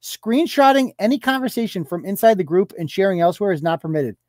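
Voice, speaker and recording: The speaker is a male live-show host whose high-pitched, expressive voice moves fast and carries a slightly mellow quality. Reading rules aloud, he rants with profanity and sarcasm and keeps firing mocking rhetorical questions. It's a dry recording with clean studio sound.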